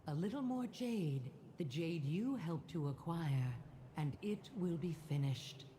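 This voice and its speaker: An ancient, dying serpent spirit speaks in a low, mellow voice. She delivers her solemn farewell slowly and tenderly, like a game cutscene's wise guardian. A faint hiss of noise sits under the voice. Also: lively intonation. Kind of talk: video game cutscene dialogue.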